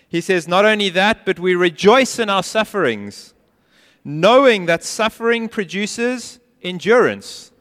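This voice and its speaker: A man preaching a sermon as pastor, earnest and emphatic, sometimes dropping to a quiet intensity. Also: on the high side, clean tone. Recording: long hall reverb.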